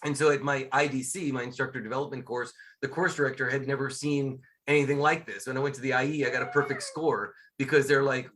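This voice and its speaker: A middle-aged man, a guest scuba instructor and magician, chatting casually in an interview and telling lively stories, acting out quotes as he goes. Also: medium pitch, fast talker, hardly any pauses. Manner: lively storyteller, acts out quotes.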